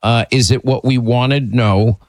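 A man's voice: mid-range voice, fairly even intonation, measured pace, a little mellow, no room sound, rough recording. A man hosting a talk radio call-in show, blunt and emphatic, often restarting his sentences.

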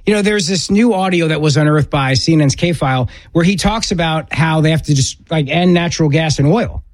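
A man hosting a political talk radio show, giving emphatic, opinionated commentary in quick bursts with frequent restarts. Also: a little high, dry recording.

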